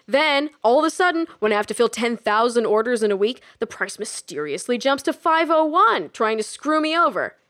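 A woman voicing a brash, smug man who sells kitchen gadgets, talking in a loud, boastful showman pitch. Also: big pitch swings, moderate pace, hardly any pauses.

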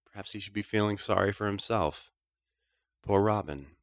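A man narrating a novel in a quiet, reflective, measured way. His voice is very low, with a gravelly creak. The recording is close and dry, with no room sound. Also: no echo. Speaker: audiobook narrator.

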